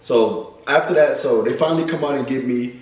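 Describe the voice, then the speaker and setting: A young man with a mid-range voice tells the story quickly and animatedly, full of slang. His voice sounds distant from the mic in a very echoey room. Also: mid-range voice, darkish tone, dull audio. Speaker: vlogger, new father. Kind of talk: storytime chat.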